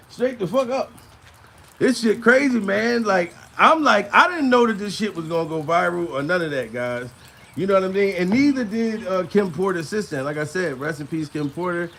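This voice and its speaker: A man's voice: high-pitched, vocal fry, fairly bright tone. A man doing casual comedic commentary, crude and rambling, laughing between lines and out of breath.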